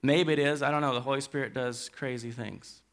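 A man preaching a sermon to his church, speaking in an earnest, halting way and pleading gently with his listeners. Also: mid-range voice, steady tone. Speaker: pastor. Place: church hall.

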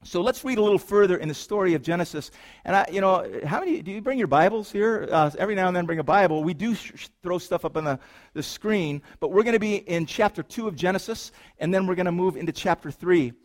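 A high-voiced pastor races through his sermon at a fast clip, playful and animated throughout. He goes quiet on the serious lines and erupts into loud, excited exclamations for his congregation.

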